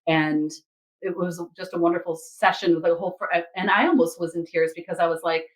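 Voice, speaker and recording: A woman who reads Akashic Records, telling a story from a session in a casual, animated way and acting out the people in it. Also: fairly low pitch, brisk, low-quality recording. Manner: animated, quotes others and herself in lively asides.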